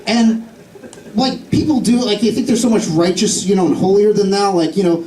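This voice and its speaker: A man's voice: sits high, moderate pace, slight background noise. A man performing a stand-up comedy set, self-deprecating and rambling with lots of fillers. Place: comedy club stage. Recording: roomy club audio from far off, loud crowd. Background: audience laughter.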